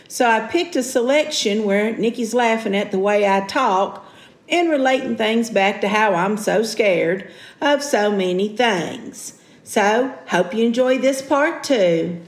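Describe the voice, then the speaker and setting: A woman's voice: fairly high pitch, expressive, a little slow. Folksy woman in a roomy room. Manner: folksy, friendly drawl. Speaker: podcast host. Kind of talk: narrated podcast segue. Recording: roomy echo.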